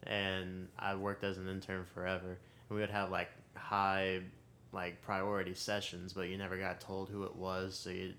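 A man guesting on a podcast, an animated storyteller who swears and laughs through his anecdotes. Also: low-pitched, normal speed, a little hiss or hum. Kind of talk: casual chat.

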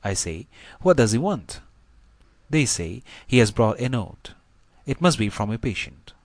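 A man's voice: medium pitch, very animated, unhurried, no echo. A man reading as a chatty country doctor. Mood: confiding. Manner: chatty confiding storytelling. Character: thin talkative country doctor, middle-aged man. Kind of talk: audiobook reading.

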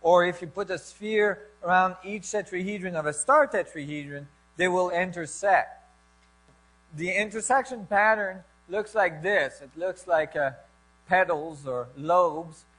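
A man explaining science ideas in a lecture style, halting and searching for words, with frequent restarts. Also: sits high, a bit bright. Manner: enthusiastic about the ideas. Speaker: speaker on physics and biology.

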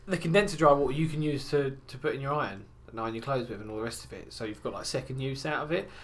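A man's voice: mid-range voice, racing, a little hiss or hum. A young man co-hosting a podcast, telling crude stories in casual banter with lots of swearing and acted quotes. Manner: profane, animated storytelling with acted quotes. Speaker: podcast co-host.

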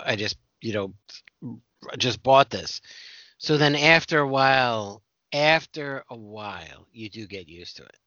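A man's voice: mid-range voice, measured pace, bright, forceful tone, no echo. A man co-hosting a podcast in casual chat, blunt and swearing. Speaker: podcast co-host. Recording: dry lo-fi sound.

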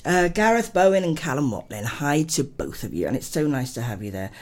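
Older woman radio host, animated pitch, rambling chatty delivery, slightly unwell. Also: fairly quick. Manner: chatty, affectionate, greets listeners by name. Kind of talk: casual radio chat and rambling monologue.

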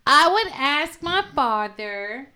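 Woman, casual chatter at home; slow, bright, slightly high voice, playful. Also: very animated. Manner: playful, mock-preachy praise chants, then earnest argument. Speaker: family member chatting at home. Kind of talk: casual chat.

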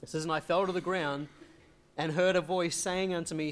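Man teaching Bible verses, fairly high voice. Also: moderate pace. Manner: explains, asks rhetorical questions and answers them; reads scripture aloud in old wording. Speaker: preacher.

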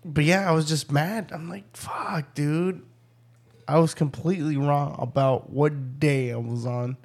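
A man's voice: on the high side, fairly even intonation, moderate pace. A young man in casual, profane chat, rambling through a story and acting out both sides of the talk.

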